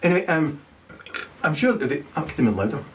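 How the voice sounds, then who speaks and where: This middle-aged comic talks fast in a slightly high, sing-song voice, with a little noise in the background. His stand-up is crude and meandering, packed with profanity, false starts, and chuckles at his own material.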